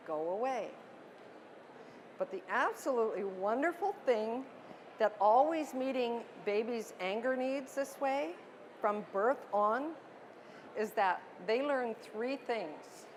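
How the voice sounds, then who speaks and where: Middle-aged female parenting speaker, light higher voice, emphatic and earnest presenter. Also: animated, takes it slowly, slight background noise. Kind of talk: presentation to an audience. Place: book expo talk.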